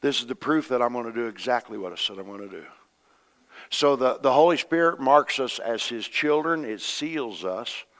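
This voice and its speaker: A man preaching a sermon as pastor, folksy and conversational, swinging from hushed to loud. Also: medium pitch, expressive, normal speed.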